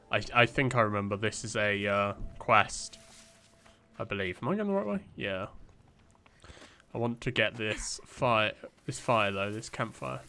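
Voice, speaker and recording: With a sharp, clean tone and a voice on the low side, this young gameplay commentator talks through a casual let's-play. His delivery rambles, pokes fun at himself, and leans heavily on fillers.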